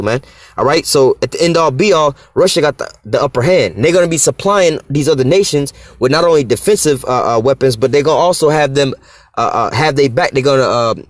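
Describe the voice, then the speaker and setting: Fast-talking brash preacher man. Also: mid-range voice, dry recording. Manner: brash, profane, rhetorical questions. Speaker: street preacher. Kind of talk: Bible teaching.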